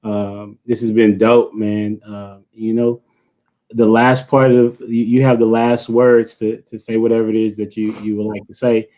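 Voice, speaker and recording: Chill slangy host dude, low flat voice, muffled lo-fi call audio. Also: male voice, a little slow. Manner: laid-back, slangy, encouraging. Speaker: podcast host. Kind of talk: casual interview. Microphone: video call.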